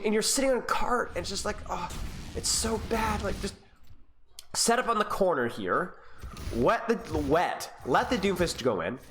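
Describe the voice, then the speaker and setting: A man's voice: high voice, fairly bright tone, a little hiss or hum. A man who is sick, coaching a player through a gameplay review in an exasperated, teasing way, his voice climbing when frustrated. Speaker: game coach.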